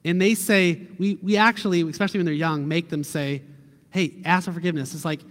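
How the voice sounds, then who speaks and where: A middle-aged male pastor with a notably high voice, giving an earnest, conversational sermon. His words carry a long reverb from the church hall around him. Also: a little fast. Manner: earnest, conversational preaching with a quiet prayer close.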